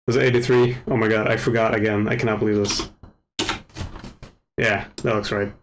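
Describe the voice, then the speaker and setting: A man hosting a casual software tutorial, talking to himself as he works, joking at his own slips, on a desk microphone with the gain set too high. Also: moderate pace, noisy background. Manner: relaxed, self-mocking, mutters to himself while working. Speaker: tutorial host. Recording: overdriven mic with faint keyboard clicks.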